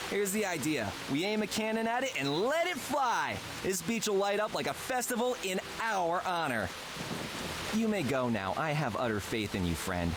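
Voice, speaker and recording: Here is a conceited young nobleman from a fantasy game, high-voiced and swooping through every line. He sounds pleased with himself and looks down on everyone he speaks to. A steady hiss runs under the whole recording. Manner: condescending, self-satisfied. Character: smug, scheming young male nobleman.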